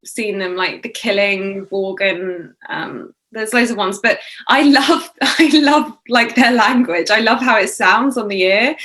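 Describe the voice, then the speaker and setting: A chatty British woman with a bright, forceful voice, talking about her acting work as an interview guest. She is animated and laughs easily, and she is heard over a video call. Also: medium pitch, a little slow, hardly any pauses. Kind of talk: casual interview chat.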